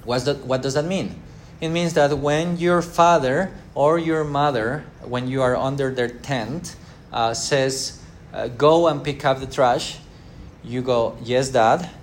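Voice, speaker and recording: Halting man teaching a Bible class. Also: medium pitch, a little hiss or hum. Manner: halting, many fillers, acts out everyday quotes.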